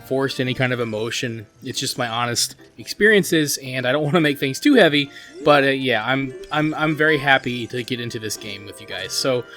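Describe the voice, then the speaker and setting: A man hosting a gaming channel gives loose, earnest commentary on his play, his speech thick with "like" and "you know." His medium-pitched voice is a little fast, pushed and bright, set against faint game music.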